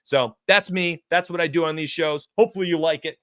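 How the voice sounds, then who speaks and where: An excitable man hosting a live sports betting show, talking straight to his chat with lots of hype. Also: on the high side, a little fast, no room sound, clean studio sound. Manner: excitable, hype-driven, addresses chat directly. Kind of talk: energetic live-stream betting talk.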